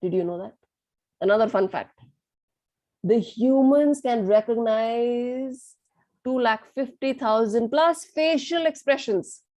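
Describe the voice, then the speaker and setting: A young woman with an Indian accent teaching an online lesson in a lively way, mixing in Hindi and asking her listeners questions. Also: fairly high pitch, takes it slowly, no echo. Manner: lively, switches between English and Hindi, asks the audience questions. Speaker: communication skills teacher.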